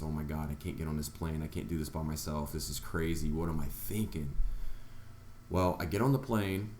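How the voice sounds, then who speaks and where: A man's voice: a bass voice, a little fast, a little mellow, echoey room, slight background noise. A man vlogger earnestly telling a personal story, acting out his own reactions along the way. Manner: earnest, retelling events with quoted reactions.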